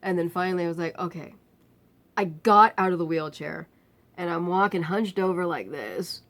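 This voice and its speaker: A woman vlogger telling a personal story to camera, animatedly acting out the people in it and dropping to a weary, quiet tone when describing her pain. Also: fairly low pitch, expressive, normal speed.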